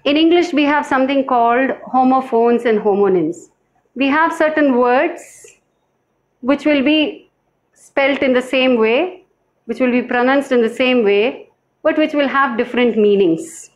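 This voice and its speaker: A woman teaching a language lesson, speaking slowly and carefully, repeating each word for her learners. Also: high-pitched, muffled recording. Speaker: French teacher. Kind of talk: slow classroom lesson.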